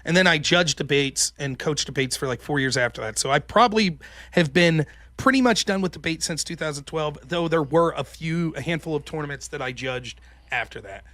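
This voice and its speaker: A man's voice: a little high, fairly quick, fairly bright tone, dry recording. A man in his thirties hosting a casual call-in show, telling profane stories with acted-out quotes. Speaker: host.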